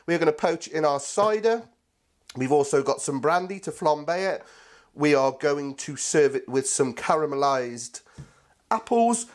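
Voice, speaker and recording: Male cooking host, casual and joking, talks to viewers like mates; voice sits a touch high.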